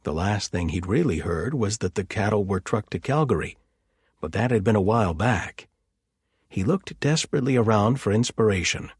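Low, husky male narrator. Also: lively intonation, dry recording, studio quality. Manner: measured, descriptive storytelling. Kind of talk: audiobook narration.

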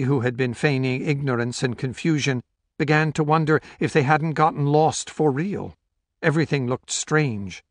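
In a dry, studio-quality recording, a male audiobook narrator delivers scripted narration from a novel. His mid-range voice keeps a steady, measured storytelling pace.

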